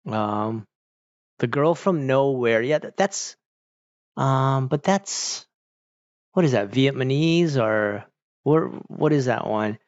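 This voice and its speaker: A man's voice: mid-range voice, measured pace, no echo, muffled recording. A man streaming and chatting casually with viewers, rambling, saying "like" a lot and laughing often. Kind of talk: casual chat.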